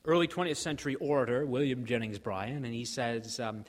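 A man's voice: steady tone, brisk, hardly any pauses. Emphatic male preacher in a hall. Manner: emphatic, swelling to stress key lines and dropping low for quoted voices. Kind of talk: sermon. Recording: hall reverb.

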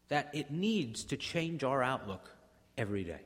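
A man preaching a sermon as pastor, swinging between hushed, drawn-out phrases and rousing, repetitive build-ups. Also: mid-range voice, big pitch swings. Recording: long hall reverb.

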